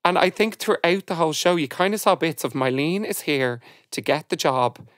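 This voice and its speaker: A woman hosting a podcast, chatting in a lively, storytelling way. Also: deep voice, moderate pace, dry recording, clean studio sound. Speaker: podcast host. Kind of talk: casual chat.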